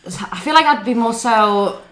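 A woman in her twenties chatting casually with friends, rambling and soft-spoken, often trailing off. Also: fairly high pitch, lively intonation, measured pace. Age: 20s. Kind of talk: casual chat. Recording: echoey room.

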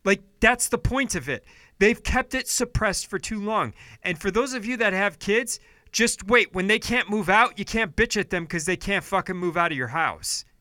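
A fired-up male podcast host with a bright, forceful voice who swears freely. He rails at his listeners, then pulls back to a calmer, apologetic tone. The sound is close and dry, with no room around it. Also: sits high, moderate pace, dry recording. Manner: heated, profane, swings between yelling and apologetic quiet. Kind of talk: ranting political commentary podcast.

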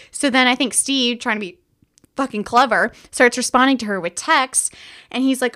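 A woman co-hosting a podcast, giving a casual movie review in an animated, profane way and laughing often. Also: fairly high pitch, a little fast. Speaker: podcast co-host.

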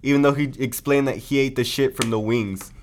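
A man's voice: mid-range voice, steady tone, a little fast. A young man co-hosting a casual chat with friends, teasing them and telling stories in a mock-formal way. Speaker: co-host. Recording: faint background noise.

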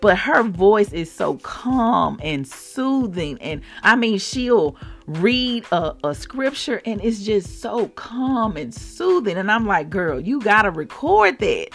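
A woman from Mississippi with a Southern accent, hosting a devotional podcast and exhorting listeners in an animated, informal way. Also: medium pitch, slow, faint music behind. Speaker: podcast host, faith encourager.

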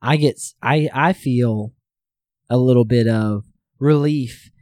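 A speaker with a mellow, mid-pitched voice reflects earnestly in casual talk. They often restart and repeat words as they work through their thoughts. The sound is dry and close to the mic. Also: takes it slowly, dry recording. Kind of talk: casual conversation.

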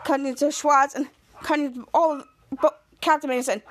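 A woman's voice: high-pitched, steady tone, moderate pace. A woman podcast host giving a casual, rambling recap of a TV episode, often restarting her sentences. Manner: rambling, restarts with many cuts.

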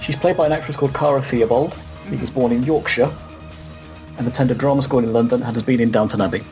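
A man's voice: medium pitch, steady tone, fast, darkish tone, soft background music. A man co-hosting a casual podcast discussion, explaining and informing. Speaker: podcast co-host.

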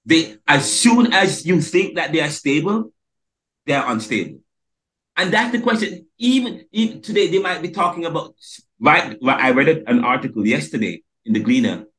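Hosting a podcast interview, a man from the Caribbean speaks in a fairly high, slightly bright voice. The conversation is casual, and he hits individual words hard with many restarts.

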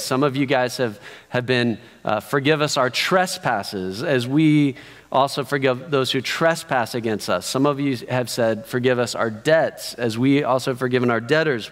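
A man preaching a sermon as a pastor. He tells a story softly and then moves into animated teaching. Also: mid-range voice. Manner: slow, soft-spoken storytelling that rises to animated teaching. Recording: long hall reverb.

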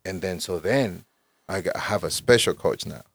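A man in his forties, a guest in casual conversation, telling stories in an animated, profane way and saying "bro" constantly. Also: low voice, moderate pace, creaky, breathy edge, no room sound. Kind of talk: casual storytelling.

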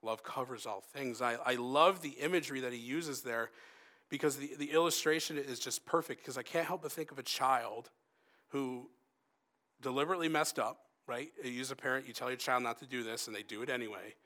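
Young male preacher, earnest and conversational, mid-range voice, swings between emphatic and hushed. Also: mid-range voice, fairly quick. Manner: earnest, conversational, with rising emphasis and softened quoted asides. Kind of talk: sermon.

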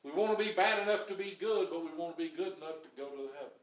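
Male pastor, high voice, emphatic preaching with repetition; roomy, distant church recording. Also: quick pace, muffled recording. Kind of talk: sermon. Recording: echoey room, voice from off-mic.

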